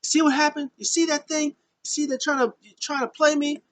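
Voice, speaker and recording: An excitable, paranoid male wrestler whining high and insistent, firing off complaints, as a man puts him on. He sounds sure everyone is against him. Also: a little fast. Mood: whiny.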